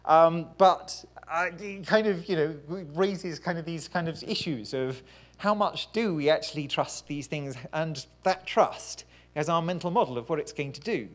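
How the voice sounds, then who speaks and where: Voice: mid-range voice, normal speed. Chatty, rambling science talk presenter. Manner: rambling, self-deprecating, chatty. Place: live pub science event.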